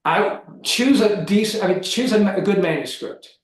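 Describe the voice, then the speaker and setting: High-voiced emphatic lecturer, very echoey. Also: male voice, normal speed. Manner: emphatic, animated, with frequent restarts. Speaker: guest lecturer. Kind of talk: seminar lecture and closing remarks. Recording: very echoey room.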